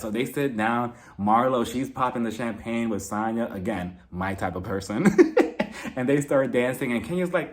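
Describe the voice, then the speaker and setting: A man's voice: medium pitch, lively intonation, normal speed. A young man giving a casual, gossipy recap of a reality TV episode, with exasperated asides. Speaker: reality TV reviewer.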